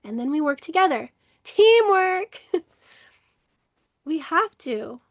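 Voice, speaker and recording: A woman with a high voice teaches about emotional healing in an earnest, reflective way. She often repeats words for emphasis. The sound is dry and close, with no room echo. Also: expressive, moderate pace. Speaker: workshop leader in emotional healing. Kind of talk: casual spiritual teaching to camera.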